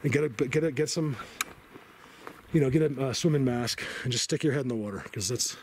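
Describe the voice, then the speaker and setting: A man filming a vlog in a forest, talking excitedly, stammering, and sometimes dropping to a whisper. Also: medium pitch, fairly quick, slight background noise. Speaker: Bigfoot hunter vlogger. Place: forest outdoors.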